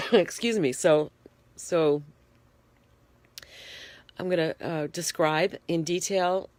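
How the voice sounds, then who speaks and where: A woman's voice: fairly low pitch, lively intonation, fairly bright tone, dry recording. A congested, shivering woman talking plainly to her phone from her bed in a casual video diary. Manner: plain, unhurried, explaining in detail. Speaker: vlogger. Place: bedroom, in bed. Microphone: phone held in hand.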